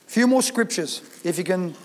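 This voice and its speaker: A man with a strikingly high voice preaches a sermon with emphatic conviction, reading scripture aloud and driving his points home. His voice rings out with a long reverb, as if filling a large church hall. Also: animated, fairly quick, darkish tone. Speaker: pastor.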